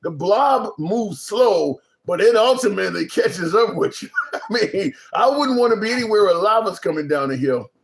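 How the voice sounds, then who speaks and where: Male host, slightly high voice, relaxed chat-show delivery, reads comments out. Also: moderate pace, vocal fry, noisy background. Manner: conversational, reads viewer comments aloud. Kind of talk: casual live-stream chat.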